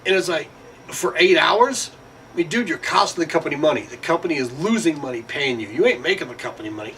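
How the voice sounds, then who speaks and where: A man talking in a rambling monologue, his voice sitting a little high and sounding bright and tense. He keeps restarting his sentences and leans on fillers and swearing. The mic is set back from him, with a faint hiss underneath. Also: expressive, fast talker. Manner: rambling, profane rant with frequent fillers. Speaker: vlogger. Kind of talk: casual monologue. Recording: distant mic with faint background noise.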